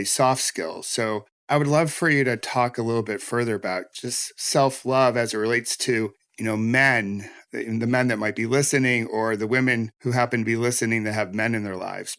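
A man's voice: medium pitch, fairly bright tone, dry recording. A man hosting a podcast interview, reflective and earnest, talking in long flowing thoughts. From United States. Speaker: podcast host. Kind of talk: conversational interview.

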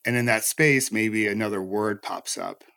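A man's voice: lowish voice, moderate pace, gravelly, bright, forceful tone, no room sound. Earnest man hosting a podcast interview, dry-voiced. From United States. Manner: reflective and earnest, speaking in long flowing thoughts. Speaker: podcast host. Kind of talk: conversational interview.

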